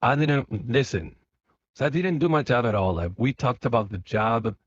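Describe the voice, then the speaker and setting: A man's voice: medium pitch, normal speed, husky, no echo, lo-fi sound. Rambling man talking while driving. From Spain. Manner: rambling, many fillers and restarts. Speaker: vlogger. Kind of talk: casual monologue while driving. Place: car.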